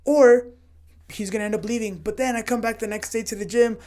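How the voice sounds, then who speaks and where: A man talks on a podcast as a guest, casually recounting a run-in at his gym. He tells it in a lively way, slipping into the voices of the people he quotes. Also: high-pitched, fairly quick. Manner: animated storyteller who acts out quoted exchanges. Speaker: podcast guest, jiu-jitsu gym owner and coach.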